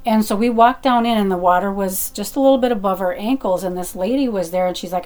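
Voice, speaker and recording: A middle-aged woman telling a personal story in a chatty, animated way, with fillers and restarts. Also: medium pitch, fast.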